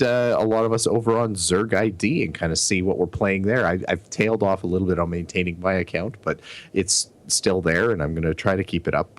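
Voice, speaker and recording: Deep voiced canadian guy co-hosting a podcast, laid back, lots of uhs and restarts. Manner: relaxed, rambling with fillers and restarts. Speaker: podcast co-host. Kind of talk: casual podcast chat.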